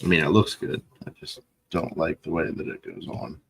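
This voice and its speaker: A man's voice: a bass voice, fairly even intonation, normal speed, creaky, slight background noise. A man in a casual chat while painting, with a dry, sarcastic manner.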